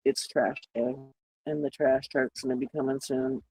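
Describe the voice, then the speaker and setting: A woman's voice: a bass voice, very animated, moderate pace, gravelly, warm tone, low-quality recording. Sarcastic woman livestreamer chatting casually. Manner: sarcastic, laughs at own jokes; greets chat viewers by name.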